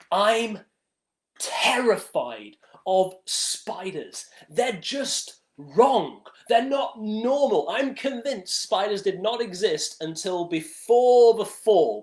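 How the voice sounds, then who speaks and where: Man rambling a dramatic story on his stream, voice jumping around a lot, bit of room echo. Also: high-pitched. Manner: animated, exaggerated, dramatic storytelling. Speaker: livestream host. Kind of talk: casual storytelling monologue.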